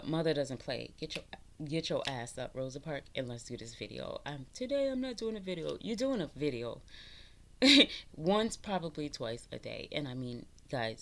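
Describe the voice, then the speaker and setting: Low-voiced New woman, profane and laughing. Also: gravelly, a bit bright, slight background noise. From New York, the Bronx. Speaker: spiritual vlogger. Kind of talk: casual spiritual pep talk.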